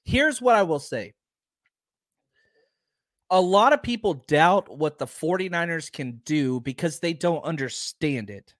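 A man hosting a sports podcast, talking casually and arguing his points with emphasis, his voice a little hoarse from talking so much. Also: on the high side, unhurried, no echo, clean studio sound. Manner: animated, emphatic, argumentative. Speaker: podcast host.

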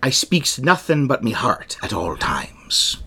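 A man putting on a pirate voice to play a gruff, scheming old pirate captain, quoting him line by line. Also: mid-range voice, wildly swooping pitch, slow pace, sharp tone, full character voice.

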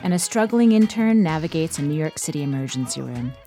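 A woman hosting a radio show, reading a measured, scripted link in the studio. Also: low voice, animated, dark tone. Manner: measured, announcing. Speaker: radio host. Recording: studio voice-over with music underneath.

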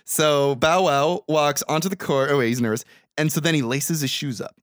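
A young man co-hosting a podcast, recapping a movie in casual, comedic chat, swearing freely and laughing loudly. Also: fairly high pitch, moderate pace, dry recording, studio quality.

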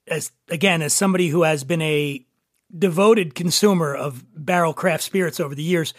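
A man hosting a podcast in casual chat, jovial and quick to laugh. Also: fairly high pitch, no echo, studio quality. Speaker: podcast host.

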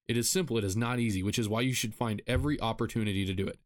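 A man hosting a solo podcast, talking earnestly in a repetitive, self-deprecating way and sounding tired after a rough week. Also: fairly low pitch, very fast. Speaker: podcast host. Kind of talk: solo podcast advice monologue.

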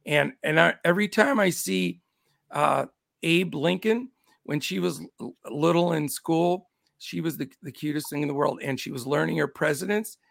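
On his laid-back sports betting show, the middle-aged host greets viewers by name in an upbeat way. He speaks at a moderate pace in a fairly high, gravelly, scratchy voice, with clean studio audio and no room sound.

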